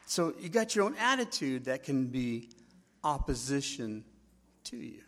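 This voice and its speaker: A middle-aged man with a husky voice, preaching a sermon in a conversational way, telling stories and acting out quotes. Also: fairly high pitch, big pitch swings, normal speed, long pauses, fairly bright tone. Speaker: pastor.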